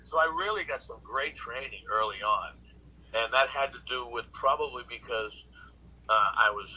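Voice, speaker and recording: Brief: husky-voiced man, comic guest, rambling storyteller, muffled lo-fi audio. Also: medium pitch, normal speed. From Boston area. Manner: rambling, animated anecdotes with restarts. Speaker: comedian guest. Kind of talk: casual storytelling interview.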